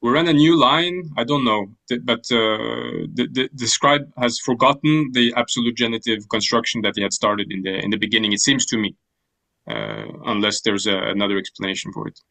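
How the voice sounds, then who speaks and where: A man teaching ancient Greek grammar in an online class, explaining with pauses and restarts over a video call. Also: mid-range voice, expressive, creaky, sharp tone, low-quality recording. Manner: thoughtful, hesitant, many restarts. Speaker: language teacher.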